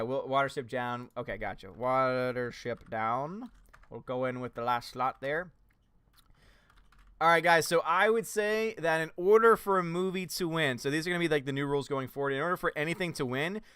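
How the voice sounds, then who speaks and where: A man's voice: medium pitch, moderate pace, sharp tone, clear, resonant tone, no echo. A man with a Southern US accent hosting a casual livestream, playful and joking with his viewers. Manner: playful, joking, laughs often. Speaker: livestream host.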